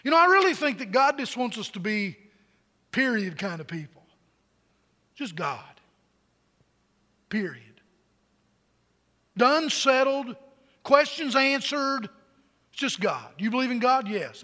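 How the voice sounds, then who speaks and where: A man delivers a sermon to a large congregation, his voice high and bright. He tells jokes and stories and doubles back on his words. The sound carries a long reverb from a big church hall. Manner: storytelling and joking with the congregation, many repeated words. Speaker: pastor.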